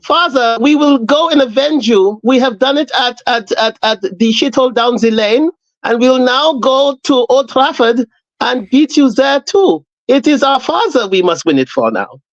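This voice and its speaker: Guy doing a mock german voice, grand and dramatic, highish, dull dry sound. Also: expressive, moderate pace, dry recording. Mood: rousing. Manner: theatrical, rallying. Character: grand German-accented man, doting on a father figure.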